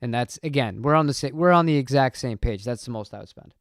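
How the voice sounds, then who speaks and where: A man's voice: medium pitch, lively intonation, fast talker, no room sound, clean studio sound. A man hosting a casual live-stream chat, rambling and talking to viewers in the chat. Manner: rambling, chatty, reads chat aloud. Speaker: channel host.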